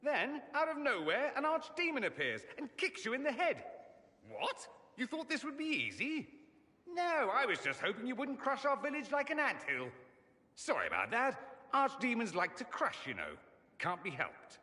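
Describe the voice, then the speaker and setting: A man's voice: very high voice, huge pitch swings, moderate pace, sharp tone, exaggerated voice. A man voicing a witty, proud male mage who talks in a wry, teasing and theatrical way. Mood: sardonic. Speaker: game character. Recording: game audio with long reverb.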